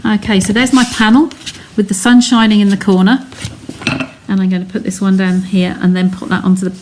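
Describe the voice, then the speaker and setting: A woman's voice: mid-range voice, little pitch movement, fairly quick, background noise. An English woman giving a live card-making demonstration, chatting casually and narrating each step while answering viewers' comments. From England. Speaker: craft demonstrator.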